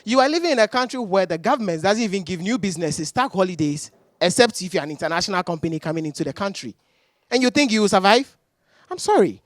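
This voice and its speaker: A young woman makes her case on a panel, exasperated and emphatic. Her pitch leaps and dips all over the place. The sound is dry, with no room around it. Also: animated, fast, no echo. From Ghana. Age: young adult. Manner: emphatic, exasperated, rhetorical questions. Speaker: panel guest. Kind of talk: heated panel debate.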